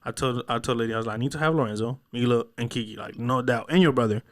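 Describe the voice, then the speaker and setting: A young man hosting a casual podcast, rambling through stories with lots of swearing and quick put-on voices for the people he quotes. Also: medium pitch. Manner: rambling storyteller, heavy cursing, acts out voices in quotes. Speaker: podcast host.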